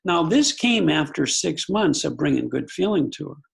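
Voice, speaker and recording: A man's voice: on the high side, animated, normal speed, vocal fry, husky. An older man, a psychologist guest on an interview show, telling family stories in a thoughtful, conversational way with frequent restarts. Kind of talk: reflective conversational storytelling.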